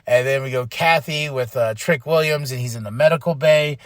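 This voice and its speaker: A man hosting a podcast, giving an excitable, casual recap full of fillers and acted-out quotes. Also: medium pitch, a little fast, no room sound, clean studio sound. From Flagstaff, Arizona. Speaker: podcast host.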